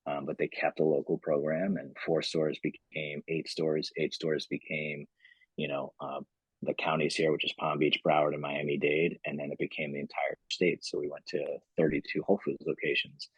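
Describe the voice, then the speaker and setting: A man's voice: a bass voice, little pitch movement, moderate pace, slightly rough, dry recording, rough recording. A man, a company founder, telling his story as a podcast guest in a loose, rambling way full of "you know.". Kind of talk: casual storytelling interview.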